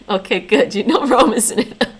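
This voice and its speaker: A woman's voice: fairly high pitch, breathy edge, low-quality recording. A woman streaming her language study, reading lesson notes aloud and chatting with her viewers, laughing often. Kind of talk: casual live-stream chat.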